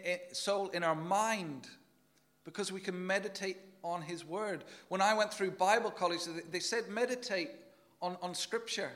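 A man's voice: sits high, sharp tone. A man preaching a sermon in an earnest, emphatic way, often repeating words as he goes.

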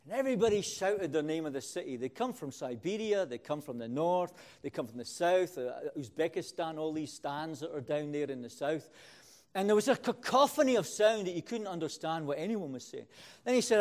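A man preaching with a high voice. He moves from hushed, intimate lines to loud, ringing declarations and hammers key phrases through repetition. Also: lively intonation, fairly quick. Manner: builds from quiet to loud, repeating phrases. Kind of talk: sermon.

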